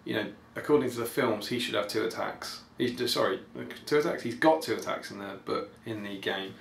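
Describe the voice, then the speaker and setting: A man's voice: on the low side, a little fast, gravelly. Rambling man in an echoey room. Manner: rambling and enthusiastic, with many ums. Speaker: podcast host. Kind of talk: casual trailer commentary. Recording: echoey room, faint background noise.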